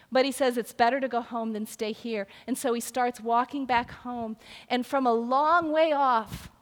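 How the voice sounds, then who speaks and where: An older woman preaching a sermon, telling stories in a conversational way and acting out the voices of the people in them. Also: high voice. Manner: storytelling, conversational, acts out quoted voices. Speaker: pastor. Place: large church sanctuary. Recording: long hall reverb.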